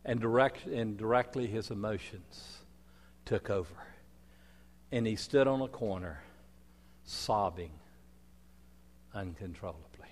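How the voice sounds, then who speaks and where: A man preaching a sermon, telling stories dramatically, swinging from loud declarations to soft asides. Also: on the low side, a little slow, long pauses. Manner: dramatic storytelling with wide swings in loudness. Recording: long hall reverb.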